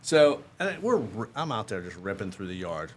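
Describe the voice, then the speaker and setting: A man's voice: lowish voice, very animated, normal speed, a little hiss or hum. A man in his fifties telling a casual, self-mocking story as a podcast guest. He acts out the other people in the story as he goes. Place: podcast studio.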